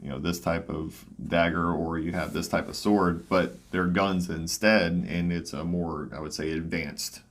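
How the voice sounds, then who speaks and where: A man with a Southern American accent, a guest in a casual chat, talking haltingly with many fillers. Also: sits low, steady tone. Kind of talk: casual conversation.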